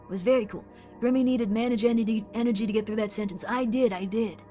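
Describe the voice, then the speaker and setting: Woman streamer, high-ish voice, chatty and excitable, faint music bed. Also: fast. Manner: chatty, excitable, reads chat aloud. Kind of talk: live stream chat.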